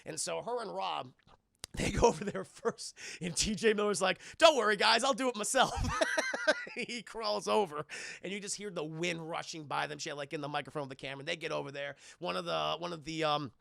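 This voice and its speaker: A man with a bright, gravelly voice recaps a movie live for his chat, swearing freely and acting out the characters' lines. His voice sits high and his sound is dry and close. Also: a little fast, no room sound. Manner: profane, animated, acts out characters' lines. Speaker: streamer and film reviewer.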